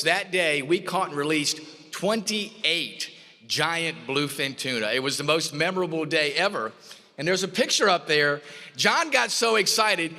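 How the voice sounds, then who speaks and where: Guy giving an award speech, folksy storyteller, bright punchy voice, big echoey ballroom. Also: fairly high pitch. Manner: folksy storytelling, acts out quoted dialogue. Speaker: award presenter. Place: hotel ballroom. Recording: long hall reverb.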